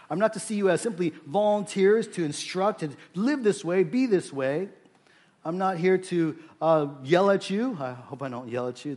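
A man in his forties, a pastor praying and then preaching, earnest and halting, often restarting his sentences. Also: mid-range voice, a little mellow. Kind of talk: prayer and sermon.

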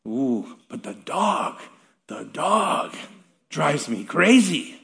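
A man's voice: a little high, big pitch swings, drawn-out words, vocal fry, a bit bright. A middle-aged male pastor preaching a sermon in a chatty, self-deprecating way with light laughs. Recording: long hall reverb.

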